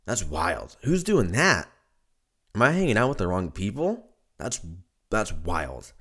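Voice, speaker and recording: A hoarse man hosting a podcast, talking in a casual, profane, joking rant and laughing at his own lines. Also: on the low side, huge pitch swings, a little slow, fairly bright tone. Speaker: podcast host.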